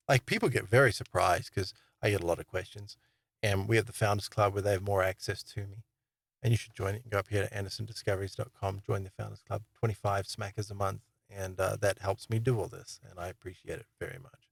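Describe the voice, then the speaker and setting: Man, gravelly voice, mid pitch, rambling casual monologue, dry close sound. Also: no room sound. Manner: rambling and self-amused, many fillers and restarts. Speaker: online Bible teacher and channel host.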